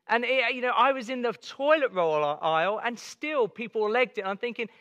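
Male pastor, middle-aged, high bright voice, storyteller with humor. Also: animated, moderate pace, no echo. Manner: storytelling, jokey, shifting to earnest. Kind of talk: sermon with humorous stories. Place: church.

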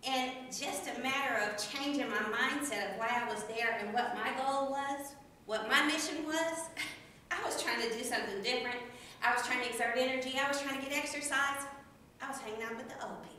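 High-voiced woman, echoey and distant. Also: fairly quick, a little hiss or hum. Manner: energetic, laughs often, repeats phrases for emphasis. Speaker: speaker at a speaking club. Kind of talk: motivational speech. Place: meeting room. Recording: very echoey room from far off.

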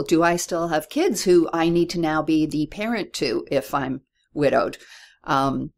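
Woman guest on a podcast, deep-ish voice, thoughtful, gets lively retelling stuff. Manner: reflective, animated when retelling conversations. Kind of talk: conversational interview.

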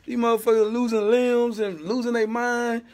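A middle-aged man with a Central Florida accent, hosting a podcast with loud, laughing, profane storytelling. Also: extremely high pitch, flat delivery, moderate pace. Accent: Southern US, Central Florida. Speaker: podcast host. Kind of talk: casual podcast banter.

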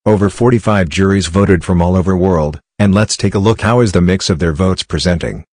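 A man hosting a results show, announcing in a measured, formal scripted way. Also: low-pitched, darkish tone, dry recording. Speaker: show host.

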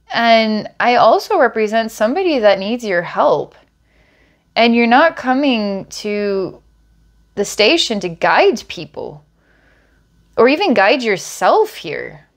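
Slow-talking woman psychic reader. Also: mid-range voice, animated. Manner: slow, searching, descriptive. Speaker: psychic healer. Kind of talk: energy healing reading.

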